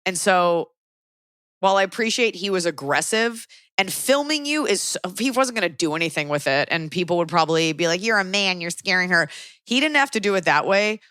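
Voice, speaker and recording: A woman hosts a casual podcast chat, opinionated and animated, and she keeps throwing in quick asides. Her voice sits a little low. The recording is dry and close, with no room sound. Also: no echo. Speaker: podcast host.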